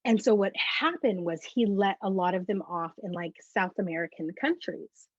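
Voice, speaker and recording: A woman guest giving a personal faith testimony as an animated storyteller who acts out the conversations she recounts. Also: medium pitch, moderate pace, dry recording. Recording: muffled lo-fi dry recording.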